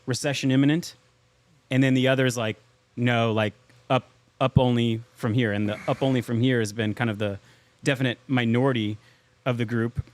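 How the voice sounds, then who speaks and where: A man's voice: mid-range voice, dry recording. A man co-hosting a podcast, steering the talk and explaining a chart of market data step by step. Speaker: podcast co-host. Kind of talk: casual chat, market commentary.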